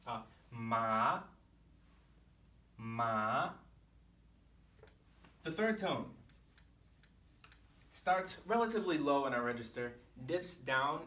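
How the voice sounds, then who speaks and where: A man explains a language lesson slowly and patiently, with a bright, forceful tone. He is recorded in an echoey room from some distance. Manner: clear, patient, demonstrates pitch with sung syllables. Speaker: Chinese teacher.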